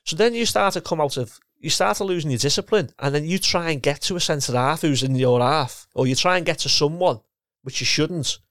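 Chatting casually, a middle-aged man with a past as a footballer and coach rambles, repeats words and restarts frequently. His pitch is fairly high and his tone fairly bright, and he speaks briskly with few pauses in a dry, studio-quality recording.

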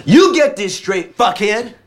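A manic, unhinged drug dealer. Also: male voice, sits high, animated, a little slow. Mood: menacing. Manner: manic, taunting, profane. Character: unhinged volatile male drug dealer, menacing.

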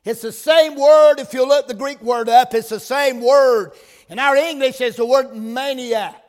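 A man preaching a sermon in a church. He opens with a quiet prayer, then preaches with rising, emphatic force. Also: extremely high pitch, fairly even intonation, unhurried. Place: church sanctuary. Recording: long reverb of a church hall.

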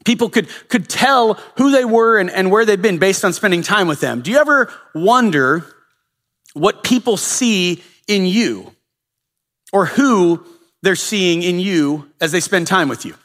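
A man's voice: high-pitched, lively intonation, a little slow, a bit bright. A male pastor giving a sermon in a casual storytelling way, with frequent filler uhs. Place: church sanctuary. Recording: long reverb of a church hall.

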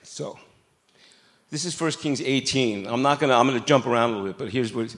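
A man's voice: mid-range voice, fairly quick, a bit bright. A middle-aged man preaching a sermon in a church, in a conversational, joking way with asides to the congregation. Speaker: pastor. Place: church sanctuary.

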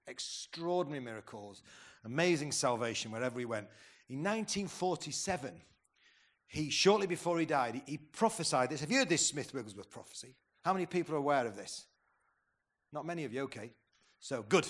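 A man's voice: mid-range voice, fairly bright tone. Rousing preacher in his fifties. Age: 50s. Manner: rousing, asks the crowd questions, stumbles and restarts. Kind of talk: conference sermon.

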